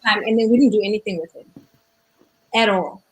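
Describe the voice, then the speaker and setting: A woman co-hosting a casual talk show over a video call, speaking English with an accent, talking fast and rolling her R's when excited. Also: medium pitch, a little hiss or hum, rough recording. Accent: non-native English accent. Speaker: co-host. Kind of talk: casual chat.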